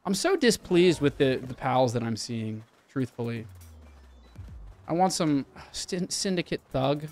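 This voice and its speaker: A man's voice: mid-range voice, big pitch swings, a little slow, darkish tone, faint music behind. A young man chatting casually and swearing while he streams a game and talks to his chat. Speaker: livestreamer. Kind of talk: casual live game commentary.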